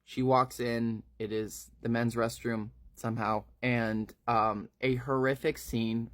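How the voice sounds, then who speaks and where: A man retells a gruesome horror story in a loose, chatty way, scattering fillers and asides. His voice sits in an ordinary middle pitch. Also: flat delivery, slow pace, fairly bright tone. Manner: casual, filler-laden, graphic.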